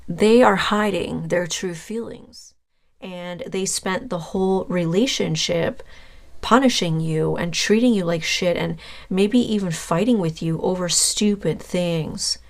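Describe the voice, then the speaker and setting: Low-voiced woman giving a tarot reading. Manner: rambling, conversational, searches for words with fillers. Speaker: tarot reader. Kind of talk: casual channeled tarot reading.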